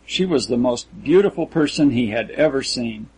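A man narrating a literary story in a measured, even storytelling delivery. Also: medium pitch, breathy edge, rough recording. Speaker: audiobook narrator.

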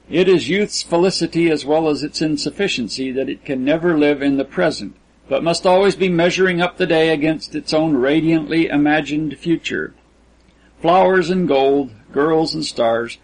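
Male narrator for classic fiction, husky, slightly raised pitch, measured. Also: poor audio. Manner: measured, descriptive reading. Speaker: audiobook narrator.

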